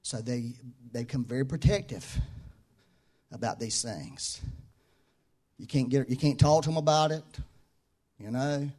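A man preaching a sermon as pastor, talking in a conversational way that shifts from quiet, low reflection to loud, high-pitched emphasis, and repeating key phrases to drive them home. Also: measured pace, pauses often.

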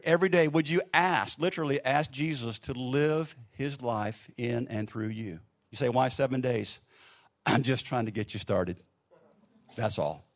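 A male pastor delivers a sermon in a relaxed, conversational storytelling manner. His voice sits at an ordinary middle pitch. He sometimes sinks to a soft, hushed tone for tender lines. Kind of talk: sermon with a story and a closing prayer.

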